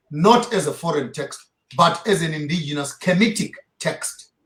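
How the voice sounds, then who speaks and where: A man's voice: a little high, reverberant. A man being interviewed as a theologian, lecturing emphatically and firing off rhetorical questions. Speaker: theologian guest. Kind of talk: impassioned interview talk.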